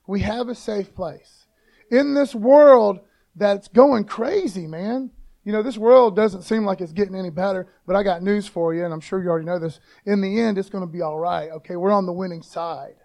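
A man delivers a sermon in a relaxed, conversational way, sprinkling in slang and calling his listeners "man." His voice sits high for a man, and he builds to loud, emphatic readings of scripture. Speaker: pastor.

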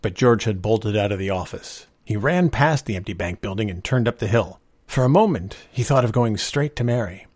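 A man narrating a story in a measured, expressive reading voice. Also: on the low side, no echo.

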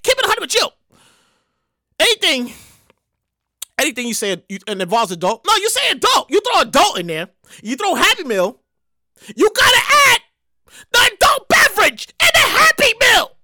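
A woman hosting her own show, ranting loudly and profanely in a comedic monologue, getting worked up and shouting. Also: high voice, moderate pace, pauses often, no room sound, clean studio sound. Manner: loud, profane, excitable ranting. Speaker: show host.

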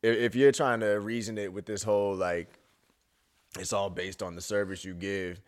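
A man's voice: lowish voice, little pitch movement, moderate pace. A young man co-hosting a podcast, chatting casually in a rambling way, full of fillers and slang. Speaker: podcast co-host. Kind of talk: casual chat.

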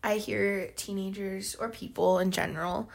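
Woman cohost in a faith chat, husky and a bit gravelly, explains stuff with everyday examples. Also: mid-range voice, steady tone, moderate pace. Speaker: podcast co-host.

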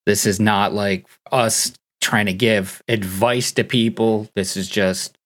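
Very deep-voiced laid-back man. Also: fairly even intonation, slow pace, a bit bright. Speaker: podcast co-host. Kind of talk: casual podcast chat.

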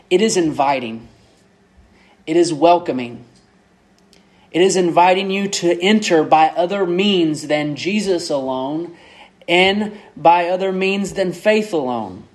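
A man preaching a sermon as pastor, measured and repeating key words for emphasis. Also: on the high side.

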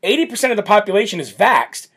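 Brash loud guy hosting a live politics show, high voice, laughs a lot. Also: big pitch swings, quick pace, slightly rough. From United States. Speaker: show host.

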